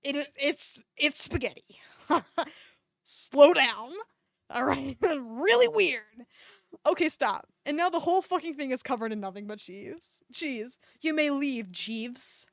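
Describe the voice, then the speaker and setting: With a high voice at a moderate pace and few pauses, a female streamer reads fan fiction aloud as comedy, breaking off for sarcastic, foul-mouthed jabs at it. The studio-quality recording carries no room sound.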